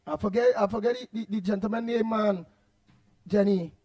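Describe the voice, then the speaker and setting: A man's voice: high-pitched, steady tone, a little fast, dark tone. A man hosting a call-in show in a Trinidadian accent, telling stories in Creole with lots of repeated words. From Trinidad and Tobago. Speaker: host. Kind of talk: call-in radio talk.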